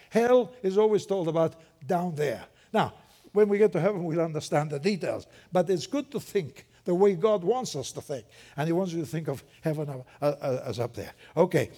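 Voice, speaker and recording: Older male preacher with a slightly high, mellow voice, chatty and joking from the pulpit. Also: normal speed. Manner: lively, conversational, joking asides. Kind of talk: sermon.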